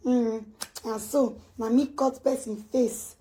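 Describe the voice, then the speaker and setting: A woman vlogger with a Nigerian Pidgin accent, ranting on camera and swinging from low muttering to loud, high scolding. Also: fairly even intonation, slow. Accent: Nigerian Pidgin English. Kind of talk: casual ranting vlog.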